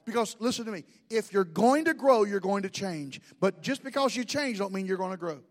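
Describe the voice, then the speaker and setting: High-voiced pastor in a reverberant hall. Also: male voice, expressive, brisk. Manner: conversational preaching with asides and humor. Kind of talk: sermon.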